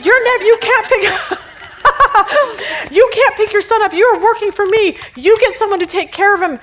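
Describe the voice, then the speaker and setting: A woman voicing an angry, hypocritical male boss who yells at his workers. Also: normal speed. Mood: yelling. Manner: yelling, high and strained.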